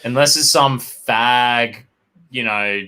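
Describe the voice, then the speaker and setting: A man's voice: medium pitch, slow pace, sharp tone, clear, resonant tone. An Australian man chatting as co-host, swearing constantly and telling rowdy pub anecdotes. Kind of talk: casual chat.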